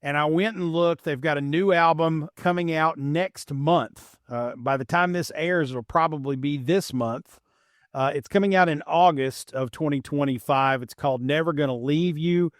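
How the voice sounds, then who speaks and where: A middle-aged man from Appalachian Kentucky with a light Kentucky twang, hosting a podcast in a relaxed, rambling, self-deprecating way. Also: fairly high pitch, normal speed, no room sound, clean studio sound. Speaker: podcast host. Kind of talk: casual podcast chat.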